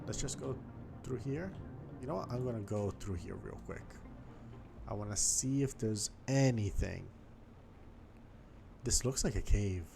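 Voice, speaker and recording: A man's voice: lowish voice, animated, measured pace, gravelly, pauses often. A man giving casual gameplay commentary, chatty and thinking aloud as he explores, with faint game music behind him. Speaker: gaming YouTuber.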